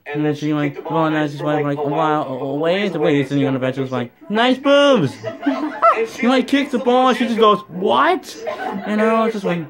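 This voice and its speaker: A man telling a comedic story in an animated way, laughing as he goes. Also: on the high side, quick pace, poor audio. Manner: animated, laughing through his own anecdote. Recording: audio with loud crowd laughter. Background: loud audience laughter.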